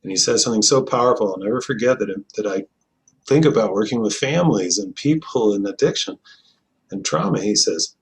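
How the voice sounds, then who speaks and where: Middle-aged male therapist, low register with a gravelly edge, earnest conversational storyteller. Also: animated, a little fast. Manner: earnest, reflective, often drops to a soft low voice. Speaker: family therapist and trainer.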